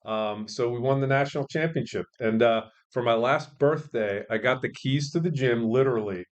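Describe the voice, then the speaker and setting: A man's voice: medium pitch, moderate pace, lo-fi sound. A middle-aged man, a guest on a casual podcast, telling stories in a joking, self-deprecating way with many restarts. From born in England, raised partly in Israel, then the US. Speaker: guest, sports media veteran and professor.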